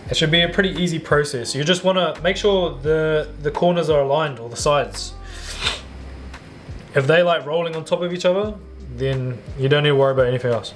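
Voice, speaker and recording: A man's voice: a little high, brisk, a little hiss or hum. A man talking casually through a home baking video, loose and chatty with slangy asides. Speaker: home cook. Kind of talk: casual cooking vlog.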